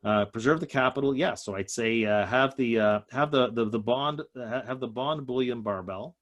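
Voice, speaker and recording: A man's voice: mid-range voice, moderate pace, highs cut off. A man giving an emphatic economic talk to a group over a video call, slightly out of breath. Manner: emphatic, stresses key points. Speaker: economist guest speaker.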